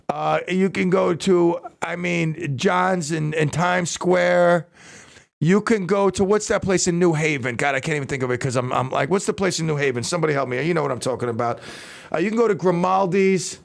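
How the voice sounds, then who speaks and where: A man hosting a radio talk show, rambling excitedly and stumbling over his words. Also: high-pitched, creaky.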